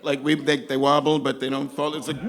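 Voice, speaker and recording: Amid crowd noise, a New Yorker with a medium-pitched voice briskly tells a funny story from his life to a live audience. He's animated throughout and performs the other characters' voices himself.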